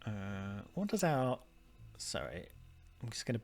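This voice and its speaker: A man's voice: on the low side, sing-song, measured pace, creaky, darkish tone. Man thinking aloud over a game. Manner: thinking aloud, trailing off and restarting. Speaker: gaming video host. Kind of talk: let's play commentary.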